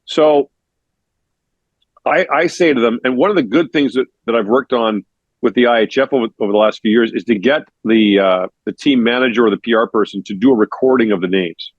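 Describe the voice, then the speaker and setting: A man's voice: medium pitch, a little fast, dry recording, lo-fi sound. A man who is a hockey play-by-play broadcaster, chatting at length as a guest on a casual podcast interview. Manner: explains at length in a chatty, conversational way.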